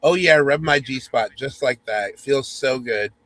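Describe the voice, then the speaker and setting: A man voicing an eager, demanding young wife on her birthday, speaking in breathy demands. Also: mid-range voice, measured pace, a bit bright, natural voice, rough recording.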